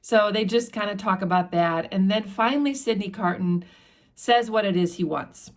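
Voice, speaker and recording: A woman hosting a book channel, retelling a classic novel in a relaxed, conversational way with fillers and restarts. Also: medium pitch, normal speed. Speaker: book discussion host. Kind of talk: casual book summary with read quotes.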